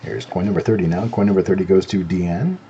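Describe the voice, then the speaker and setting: A man's voice: deep voice, fast, highs cut off, noisy background. A middle-aged man hosting a live show, chatting in an easygoing way while he looks over items one by one. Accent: no southern accent. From not from North Carolina. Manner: easygoing, talks while examining coins. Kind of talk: casual live-stream chat.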